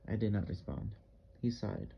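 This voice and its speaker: A male audiobook narrator with a lowish voice, reading in the first person at a measured, even pace. The sound is dull and somewhat lo-fi, as if the highs are rolled off. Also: creaky, background noise.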